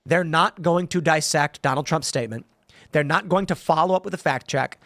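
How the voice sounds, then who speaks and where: Animated male podcast host, dry studio. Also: fairly high pitch, fairly quick, dry recording. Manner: animated storytelling with acted-out quotes. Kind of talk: casual chat, reading viewer comments.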